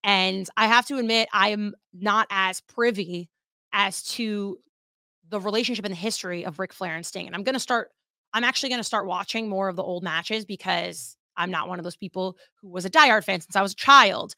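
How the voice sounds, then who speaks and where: A woman hosting a wrestling podcast in a casual, chatty monologue, animated and swearing freely. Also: medium pitch, a little fast, no echo, studio quality.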